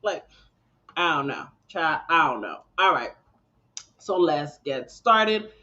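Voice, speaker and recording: Animated chatty woman streamer, bright lo-fi sound. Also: low voice, slow pace. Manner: chatty, exclaiming, breaks into laughter. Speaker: live-stream reaction host. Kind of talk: casual live-stream chat.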